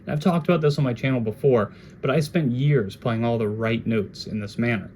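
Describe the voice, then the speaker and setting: A man giving a casual jazz guitar lesson, talking in a relaxed, conversational way and now and then scatting melodies. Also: mid-range voice, fairly quick, a little hiss or hum.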